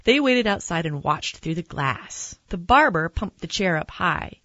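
A woman reading a children's picture book aloud in a gentle, expressive storytelling manner. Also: lowish voice, unhurried, dry recording, dull audio. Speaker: narrator.

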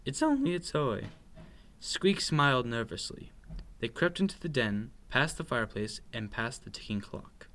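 A man reading a children's picture book aloud in an expressive, playful, sing-song way. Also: mid-range voice, moderate pace, a little hiss or hum. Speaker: storyteller.

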